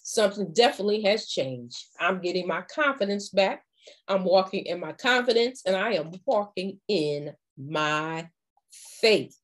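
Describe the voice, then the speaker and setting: A woman giving a faith-based motivational talk as a confidence coach, acting out little dialogues in an animated way. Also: mid-range voice, unhurried.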